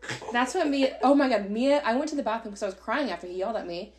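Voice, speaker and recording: A young woman in her twenties tells a story on a casual podcast, her voice sitting a bit high. She is animated, swears freely and slips into the voices of the people she quotes. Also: fast, a loud crowd. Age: 20s. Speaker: podcast co-host.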